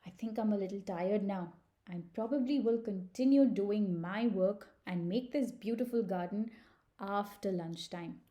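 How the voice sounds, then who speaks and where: A woman's voice: mid-range voice, unhurried, mellow, natural voice. A woman voicing a busy, friendly older male turtle in a storybook reading.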